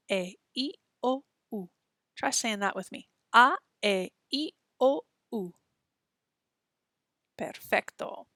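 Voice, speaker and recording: A woman's voice: a little high, a bit bright, dry recording, studio quality. A woman teaching a beginner Spanish lesson, patiently modeling sounds for students to repeat. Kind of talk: slow, clear textbook lesson.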